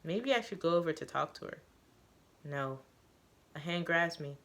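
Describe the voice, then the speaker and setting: A woman reading a first-person story aloud, halting now and then with fillers and self-corrections. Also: sits low, lively intonation, vocal fry, fairly bright tone. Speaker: reader of a story.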